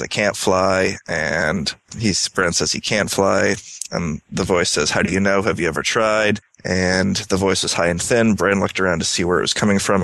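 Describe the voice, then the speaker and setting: A man co-hosting a casual book podcast. He reads passages aloud, then slips into loose, quick summaries. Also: deep voice, creaky, a bit bright, no echo. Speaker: podcast co-host.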